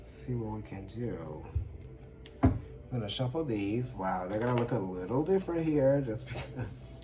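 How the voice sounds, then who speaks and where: A man gives a loose, conversational tarot reading indoors, talking straight to his viewers. He sounds expressive and familiar, keeps asking whether they follow him and calls them honey. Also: fairly low pitch, measured pace, heavy background noise. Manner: chatty and expressive, often checking in with listeners and calling them honey. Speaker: tarot reader. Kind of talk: casual tarot reading to camera. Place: indoors under a ring light.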